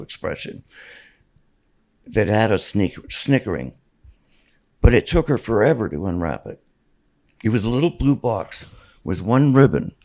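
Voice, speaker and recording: Gravelly-voiced older man reading his memoir. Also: fairly low pitch, a little mellow, rough recording. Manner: storytelling, wry, with small restarts. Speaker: author. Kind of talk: memoir reading at a bookstore event.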